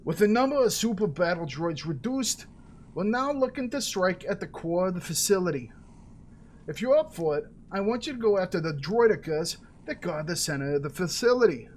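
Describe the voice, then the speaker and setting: A man reading out a game quest giver's lines, a brisk officer handing out orders. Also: sits high, expressive, a little hiss or hum. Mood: briefing. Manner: reading quest text aloud in a lightly acted voice.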